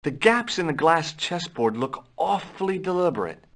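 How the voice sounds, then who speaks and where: A man's voice: on the high side, big pitch swings, normal speed, a bit bright. An actor voicing a curious young adventurer in a video game, asking questions in a casual, dry way and narrating his story. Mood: inquisitive.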